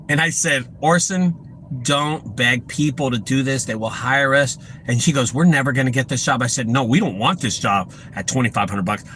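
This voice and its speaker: Man, business owner, bright, punchy storyteller, faint vehicles behind. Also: medium pitch, slight background noise, rough recording. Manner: blunt, emphatic, repeats key lines; acts out quoted dialogue in his telling. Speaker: junk removal business owner. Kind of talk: storytelling vlog.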